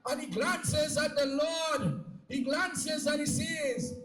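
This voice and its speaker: High-voiced man narrating a show. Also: slow, a bit bright. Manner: dramatic, calling out to the crowd. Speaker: stage narrator. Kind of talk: live folk theatre narration. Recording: echoey PA sound from far off.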